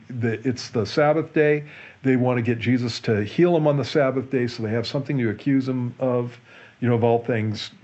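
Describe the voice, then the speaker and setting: Husky-voiced pastor teaching casually. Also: male voice, mid-range voice, darkish tone, lo-fi sound. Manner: earnest, often restarts and repeats words. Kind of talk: conversational Bible teaching in a Q&A show.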